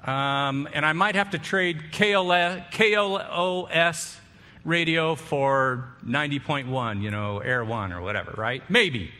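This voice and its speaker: Man preaching in an echoing hall, bright voice. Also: a little high, unhurried. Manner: conversational preaching with asides and questions to the congregation. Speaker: pastor. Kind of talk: sermon. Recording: reverberant hall.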